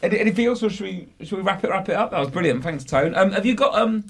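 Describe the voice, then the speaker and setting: A man hosting a comedy podcast in relaxed, casual chat. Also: high voice, rapid-fire. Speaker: podcast host.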